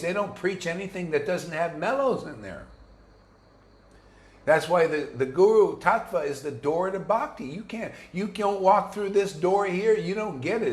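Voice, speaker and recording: Addressing his students in an informal devotional sermon, a spiritual teacher speaks in a high-pitched male voice. He is blunt and combative, using lots of slang and frequently restarting, and the space sounds echoey.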